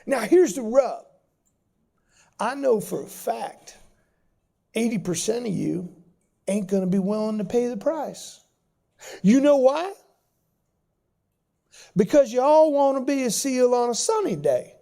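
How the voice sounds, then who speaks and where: A man puts on a grizzled older SEAL instructor with a deep Southern drawl. He sounds folksy, then menacing, with a raised, forceful voice that climbs high. His manner is that of a hard-bitten military veteran. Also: expressive, a little slow, vocal fry, pauses often, heavily acted. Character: gruff older male SEAL instructor with a limp.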